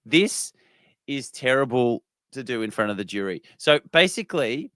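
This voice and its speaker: A man's voice: medium pitch, animated, normal speed, sharp tone, no echo, clean studio sound. A man, a guest who openly breaks down the game's strategy in casual chat. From Australia. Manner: candid, explains strategy plainly. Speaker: guest, former contestant.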